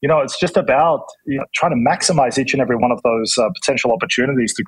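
A man's voice: medium pitch, racing, breathy edge, poor audio. A man with an Australian accent, speaking as a chef and entrepreneur guest in a casual podcast interview, frank and reflective with many restarts.

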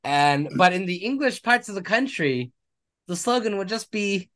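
A man's voice: sits high, lively intonation, normal speed, fairly bright tone. A man co-hosting a podcast in casual chat, joking, laughing often and poking fun at himself. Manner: jokey, laughs often, self-deprecating. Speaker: podcast co-host.

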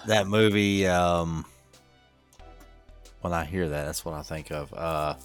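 Middle-aged male podcast co-host, very low voice, rambling chuckly storyteller. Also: takes it slowly, faint music behind. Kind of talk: casual chat.

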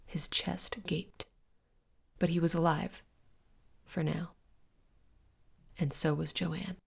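A woman reading a spooky horror tale in a hushed, often whispered, dramatic way, as host of a story podcast. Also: low voice, flat delivery, slow, creaky, husky.

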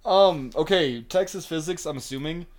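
A man's voice: on the high side, normal speed. A man co-hosting a podcast, talking in a crude, jokey, ranting way. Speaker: podcast co-host. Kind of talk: casual podcast chat.

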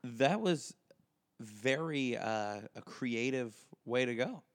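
A man's voice: mid-range voice, animated, slow. A man co-hosting a podcast in casual chat, making dry teasing jokes. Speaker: podcast co-host.

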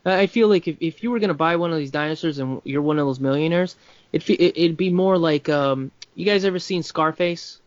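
A man's voice: a little high, a little fast, dry recording. Rambling man in a dull, dry recording. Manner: rambling, many restarts and fillers. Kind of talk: casual film discussion.

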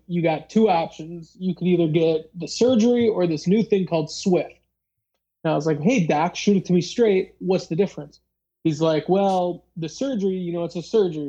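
Mellow-voiced podcast host, rambling and casual. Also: mid-range voice, muffled recording. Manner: rambling, filler-heavy, acts out dialogue. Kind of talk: casual storytelling chat.

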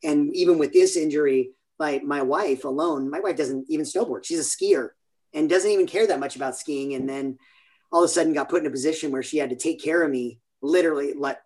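Man, forties, from California, higher-pitched, casual rambling storyteller. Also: fairly quick, darkish tone. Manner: rambling, self-interrupting storyteller. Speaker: podcast guest. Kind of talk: casual interview chat.

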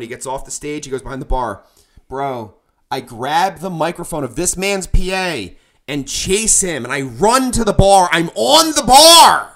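A man, a musician, telling a tour story in casual chat, animated and bursting into loud quoted lines. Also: fairly high pitch.

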